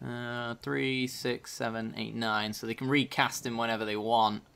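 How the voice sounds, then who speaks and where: A man's voice: medium pitch, little pitch movement, moderate pace, vocal fry, fairly bright tone, clean tone. A man casually commenting on his own card game as he plays, thinking aloud about each move. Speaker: gaming channel host.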